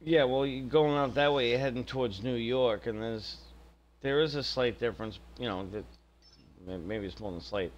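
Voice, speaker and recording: A man's voice: medium pitch, normal speed, dull audio. A man from the area, chatting casually and rambling with profanity while streaming a game. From Greater Boston area. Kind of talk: casual chat while gaming.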